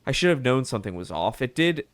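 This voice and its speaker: A man's voice: medium pitch, big pitch swings, fast, lightly acted. A man voicing a sincere goat herder who blames himself, reading game dialogue aloud. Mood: earnest. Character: earnest, self-blaming goat herder. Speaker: video game streamer.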